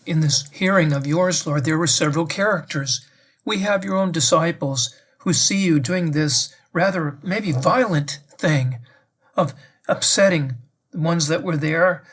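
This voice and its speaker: A man's voice: fairly high pitch, measured pace, a bit bright, husky. Reflective man praying aloud to the Lord. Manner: addresses the Lord directly, reflective and questioning. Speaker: priest giving a meditation. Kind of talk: prayerful spoken meditation.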